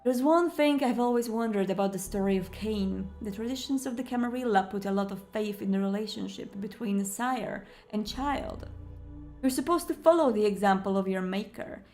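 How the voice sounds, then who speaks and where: A woman's voice: medium pitch, normal speed, a little mellow, faint music behind, natural voice. A woman voicing a wary, thoughtful male vampire companion in a story game, reading his lines earnestly.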